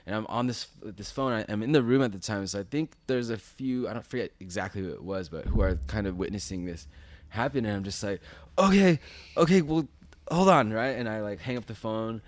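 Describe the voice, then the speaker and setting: A man's voice: brisk, dry recording. A man in his thirties, a podcast guest, telling a story casually and acting out the quoted lines with sudden leaps in his voice. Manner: animated, acts out quotes with big jumps in pitch.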